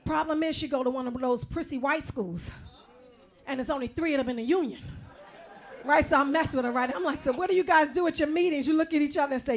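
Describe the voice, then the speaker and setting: A woman performing stand-up comedy with a very high voice and a gravelly edge. She talks brashly and conversationally, punching up the lines. Her voice is picked up by a live club microphone. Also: a little fast.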